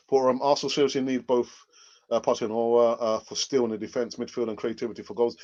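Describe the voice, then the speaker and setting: Casual male stream host who laughs a lot and talks to his chat; middle pitch, muffled lo-fi sound. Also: little pitch movement, fast, mellow. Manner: chatty, reads out viewer comments, laughs often.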